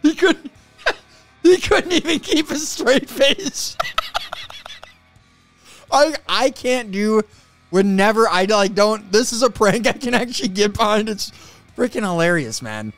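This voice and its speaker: A man from central Minnesota hosting a reaction video, animated and laughing a lot as he comments on clips. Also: sits high, takes it slowly, long pauses, soft background music. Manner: animated, laughs often, says "dude" and "man".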